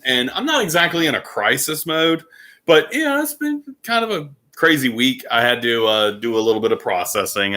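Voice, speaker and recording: A man casually telling a personal story to the camera as a vlogger, animated and full of fillers. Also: mid-range voice.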